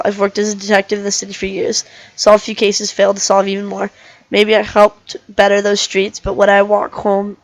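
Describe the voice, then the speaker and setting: A woman's voice: medium pitch, dry recording, lightly acted, rough recording. A woman voicing a weary, cynical male herbivore dinosaur detective, reading a visual novel aloud in first person with small restarts. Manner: plain first-person narration, restarts over misread words.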